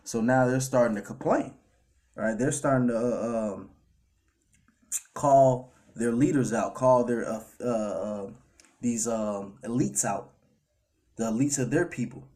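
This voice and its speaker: A man's voice: medium pitch, a little slow, long pauses, darkish tone. A man preaching a casual sermon, reading scripture and tacking on "all right" and "man" as he goes. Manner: loose, repetitive fillers like "all right" and "man", reads scripture aloud. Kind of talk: casual street-style sermon over clips.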